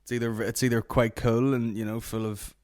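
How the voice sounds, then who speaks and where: A man hosting a comedy podcast, telling stories in a rambling, profane, deadpan way. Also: medium pitch, brisk, no echo, studio quality. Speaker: podcast host. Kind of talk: comic podcast rant.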